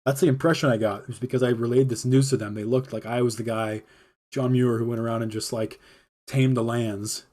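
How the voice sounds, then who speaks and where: A man recounts a personal story on his live podcast in a relaxed, meandering way. His voice sits at a middle pitch with a mellow, warm color. He leans on filler words and breaks into laughter now and then. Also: a little fast. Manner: rambling, filler-heavy with frequent laughs. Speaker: podcast host. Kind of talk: casual storytelling.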